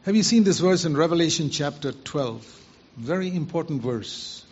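A man's voice: a little high, lively intonation, normal speed, a little mellow, slight background noise. A man preaching a sermon, earnestly putting rhetorical questions to his listeners. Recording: muffled lo-fi recording.

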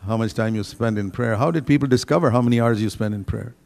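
A man's voice: mid-range voice, fast, gravelly, a little mellow. An older man preaching a sermon in a conversational way, with bursts of emphasis.

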